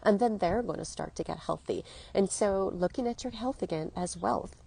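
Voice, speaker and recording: Earnest fifty-something lady health coach, mellow dark tone, talks right at you. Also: mid-range voice, moderate pace, vocal fry, breathy edge. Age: 50s. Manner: earnest, emotional, addresses listener directly. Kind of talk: motivational monologue to listeners.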